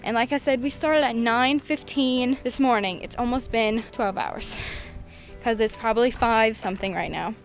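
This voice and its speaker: Young woman, high-pitched, rambling candid vlogger on a hiking trail, handheld camera. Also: moderate pace, soft background music, low-quality recording. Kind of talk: casual vlog updates. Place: outdoors on a canyon hiking trail and campground.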